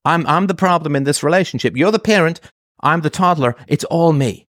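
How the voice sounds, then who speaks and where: A man's voice: on the high side, fairly quick, a bit bright, no room sound, studio quality, lightly acted. A man voicing a young child who grovels and begs a father's forgiveness in a mock-pleading, sarcastic way. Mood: groveling.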